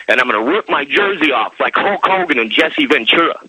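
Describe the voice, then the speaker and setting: A man's voice: a little high, animated, fairly quick, bright, forceful tone, dry recording. A man from Minnesota calling in to a radio show, eager and rambling as he tells a story. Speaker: caller. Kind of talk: excited phone-in call. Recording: husky phone line.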